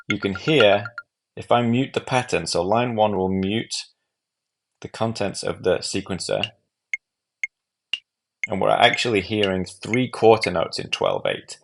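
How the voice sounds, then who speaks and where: Low, gravelly man explaining an app. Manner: calm, methodical step-by-step explaining. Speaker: app tutorial presenter. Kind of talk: screen-recorded software walkthrough.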